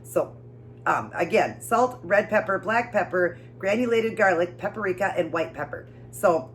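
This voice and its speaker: A woman's voice: mid-range voice, lively intonation, measured pace, slight background noise. A woman with a Northern US accent chatting casually through a home eating show, rambling and often correcting herself. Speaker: keto vlogger. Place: home with mowing outside.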